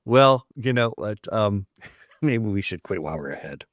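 A man hosting a casual podcast, joking and reacting quickly. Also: lowish voice, no room sound, studio quality. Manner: lively, jokey, quick reactions. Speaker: podcast host. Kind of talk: casual chat.

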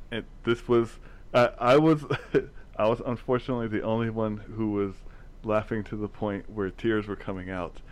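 A man rambling through a movie plot in casual chat, often stumbling and restarting his words. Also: lowish voice.

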